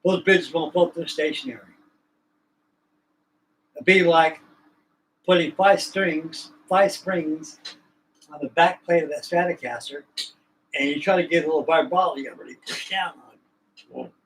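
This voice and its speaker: A man's voice: fairly high pitch, moderate pace, long pauses, fairly bright tone, slight background noise, poor audio. A man hosting a livestream, chatting casually in a folksy, rambling, colloquial way. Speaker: livestream host. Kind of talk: casual chat.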